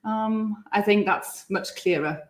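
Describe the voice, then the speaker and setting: Unhurried woman, low voice, echoey room. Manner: measured, explains with example phrases. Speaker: German language coach. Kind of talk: casual online discussion.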